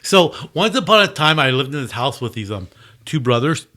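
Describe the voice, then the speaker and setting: A man's voice: mid-range voice, big pitch swings, fairly quick, pushed and bright. Playful rambling male podcast host. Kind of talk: casual chat.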